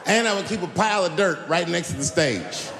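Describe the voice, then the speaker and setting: A man performing live stand-up comedy, telling a profane, animated story to an audience. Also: high-pitched, brisk, gravelly, crowd noise, noisy background. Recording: echoey hall, live show.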